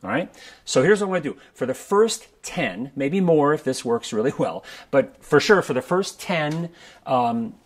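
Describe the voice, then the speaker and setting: A man teaching a breath-control exercise for brass players in a relaxed, conversational way, often checking in with the listener. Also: fairly high pitch, normal speed. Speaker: trombone coach. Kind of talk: instructional video talk. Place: his studio.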